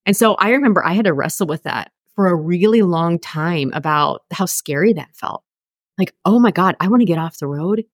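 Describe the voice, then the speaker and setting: Female guest, 40s, career coach; candid and conversational, low register, dry sound. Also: animated, brisk, dry recording. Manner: candid, chatty, many fillers. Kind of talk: conversational storytelling.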